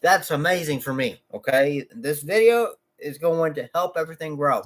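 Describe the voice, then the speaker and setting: Rambling, jokey man with a higher voice. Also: lively intonation. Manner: jokey, rambling, quick to say he's kidding. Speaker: lawn care business owner vlogging. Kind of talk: casual rambling vlog talk.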